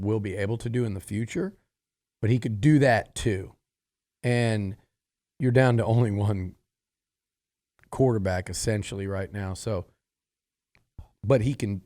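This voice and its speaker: A man with a lowish voice talks through a football game on a sports radio show. He speaks emphatically and often restarts his sentences. The sound is close and dry. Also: dark tone, dry recording. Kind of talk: sports talk analysis.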